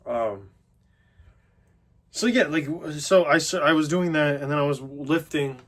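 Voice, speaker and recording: A man's voice: on the high side, a little slow, a bit bright. Rambling young man on gym talk. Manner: loose, filler-heavy, self-mocking. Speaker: fitness vlogger. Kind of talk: casual rambling monologue.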